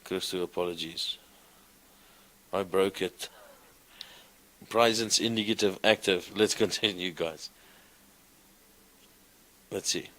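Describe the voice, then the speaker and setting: A man teaching a class, explaining grammar slowly and reciting verb forms in a sing-song way. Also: low-pitched, fairly even intonation, sharp tone. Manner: slow, deliberate, recites conjugations in a sing-song. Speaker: lecturer. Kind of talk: classroom lecture.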